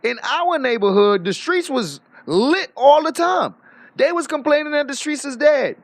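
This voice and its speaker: A man's voice: very high-pitched, animated, unhurried, vocal fry, dry recording. A man ranting boastfully on a live stream, swearing freely and laughing often. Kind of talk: casual livestream rant.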